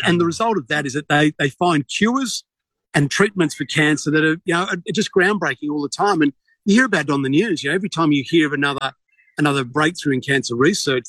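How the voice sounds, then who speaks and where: An Australian man speaking as a radio interview guest, earnest and halting, often repeating words. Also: fairly high pitch, fairly bright tone, no echo. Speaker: charity fundraiser cyclist guest.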